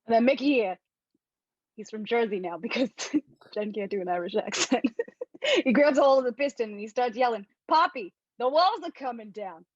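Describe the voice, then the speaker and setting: A woman's voice: fairly high pitch, animated, moderate pace, no room sound, muffled recording. A woman voicing a stout, kind-eyed man in his fifties at a script table read, telling stories in a hearty, jovial way.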